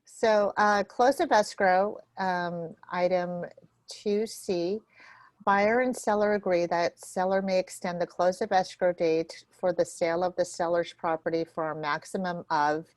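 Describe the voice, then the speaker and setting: A woman's voice: on the low side, steady tone, no echo. Nervous woman teaching real estate forms. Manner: nervous, quick, with many fillers and restarts. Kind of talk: live training session walking through forms.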